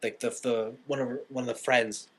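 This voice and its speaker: A man's voice: mid-range voice, a little fast. A young man co-hosting a podcast, casually recapping a film and acting out the characters' lines. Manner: animated storyteller, acts out quotes. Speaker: podcast co-host.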